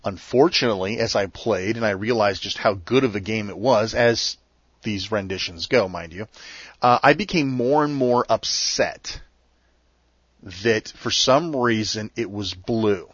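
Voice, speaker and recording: A middle-aged man hosting a show, telling a story in a casual, animated, ranting way. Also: on the low side, a little slow, slightly rough, dry recording. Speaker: podcast host. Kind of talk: casual monologue. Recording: dull lo-fi sound.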